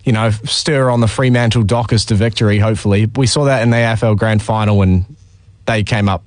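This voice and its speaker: A man, co-hosting sports talk radio in an eager, animated way. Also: fairly low pitch, a little fast, no room sound. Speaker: radio co-host.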